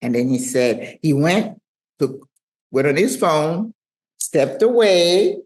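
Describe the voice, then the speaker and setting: A woman's voice: low-pitched, big pitch swings, slow, darkish tone. A woman in her sixties with a French accent, telling a travel story to camera from her living room in a chatty, self-teasing way. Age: 60s. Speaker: retirement travel vlogger.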